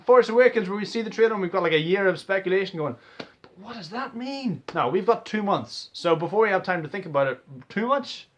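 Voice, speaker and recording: A young man excitedly rambling through a casual movie trailer reaction, swearing freely and restarting his sentences. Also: sits high, quick pace, few pauses, dull audio, slight background noise. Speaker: vlogger.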